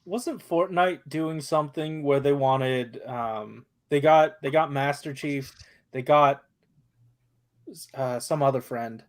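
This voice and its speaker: A man's voice: mid-range voice, takes it slowly. A man in a casual chat among friends, chatty and joking, laughing often.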